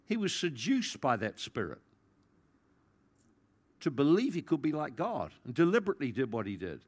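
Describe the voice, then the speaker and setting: Man, pastor, sermon, slightly high voice, animated delivery. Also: normal speed, husky. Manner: animated, acts out quoted voices, big swings in pitch and loudness.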